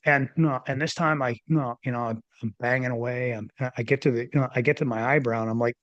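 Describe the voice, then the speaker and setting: A man in his fifties or older, a former doctor hosting a podcast, telling a personal story in a rambling, animated way with many restarts. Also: mid-range voice, fast, few pauses, no echo, lo-fi sound. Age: 50s or older. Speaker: podcast host, former physician. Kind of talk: casual interview storytelling.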